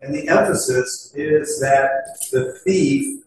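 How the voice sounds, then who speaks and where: A middle-aged man preaching a sermon in an earnest, conversational way, with many fillers, slowing to stress scripture words. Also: mid-range voice, slight background noise. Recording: echoey hall, distant mic.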